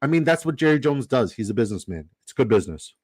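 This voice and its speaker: A man's voice: medium pitch, sing-song, fast talker, a little mellow, breathy edge. A man giving casual livestream commentary while drafting, reading the chat aloud and swearing casually. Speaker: fantasy football draft streamer.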